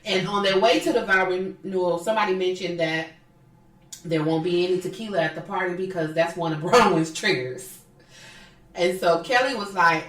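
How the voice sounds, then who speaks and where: A woman's voice: lowish voice, brisk, fairly bright tone, recorded from a distance. A woman co-hosting a podcast, chatting casually and profanely about a reality show and mimicking the people in it. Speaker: podcast co-host. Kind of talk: casual chat recapping reality TV. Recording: echoey room, off mic.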